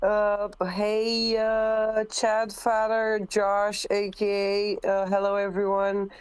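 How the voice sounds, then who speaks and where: A woman co-hosting a podcast, greeting everyone slowly and evenly. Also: mid-range voice, monotone, clean tone, no echo. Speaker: co-host.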